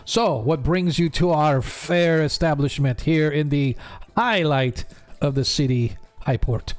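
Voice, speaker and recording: A man's voice: a little high, a little slow, lightly acted. A man voicing a roguish male half-elf barkeeper in his thirties, chatty and ingratiating as he serves drinks. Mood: welcoming. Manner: ingratiating, chatty host banter.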